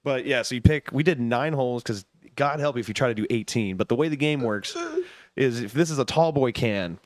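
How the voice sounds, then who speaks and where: A man hosting a casual podcast chat with friends, quickly explaining the rules of a drinking game. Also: mid-range voice, dry recording.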